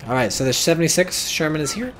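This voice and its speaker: A man with an American accent giving casual play-by-play commentary on a strategy game, excitable, swearing and yelping at big plays. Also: fairly high pitch, fast, a little hiss or hum.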